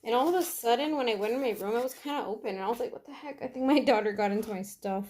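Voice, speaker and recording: A woman's voice: fairly high pitch, racing, a little mellow. A young adult woman chatting casually at home while doing her own nails, thinking aloud, trailing off and correcting herself. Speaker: nail vlogger. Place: home, at her nail table.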